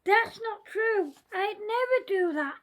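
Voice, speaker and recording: A woman's voice: very high-pitched, lively intonation, takes it slowly, fairly bright tone, full character voice. A woman voicing a young girl who protests and whines in her denials. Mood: protesting. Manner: protesting, whiny. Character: young girl denying she cheated, whiny.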